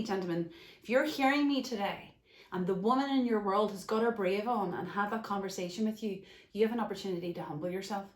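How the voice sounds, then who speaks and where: In an echoey room, a woman with a medium-pitched voice speaks off the cuff as a life coach and podcast host. Her unscripted podcast monologue is earnest and emphatic, and at times she gets emotional.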